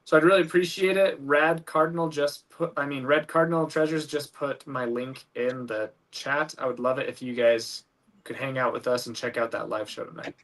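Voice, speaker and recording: A man's voice: mid-range voice, fairly even intonation, normal speed, fairly bright tone. A man appearing as a guest on a podcast, giving a friendly, promotional sign-off. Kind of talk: casual sign-off plug. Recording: voice far from the mic.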